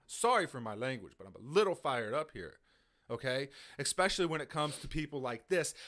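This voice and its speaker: A man's voice: mid-range voice, bright, forceful tone. A man hosting a live stream, ranting in a heated, profane, repetitive way. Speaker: livestream host. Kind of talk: angry live commentary.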